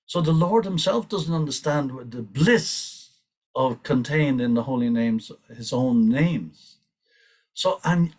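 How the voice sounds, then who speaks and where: A man leading a devotional scripture class, speaking earnestly and urgently, often restarting his sentences and laughing softly. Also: mid-range voice, far from the mic. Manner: earnest, urging, with frequent restarts and small laughs. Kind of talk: reflective scripture class talk.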